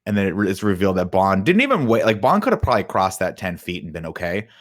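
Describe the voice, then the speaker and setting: A man co-hosting a podcast, casually retelling film scenes with lively acted-out quotes and plenty of swearing. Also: deep voice, fast. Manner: animated retelling, acts out quotes, swears freely. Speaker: podcast co-host.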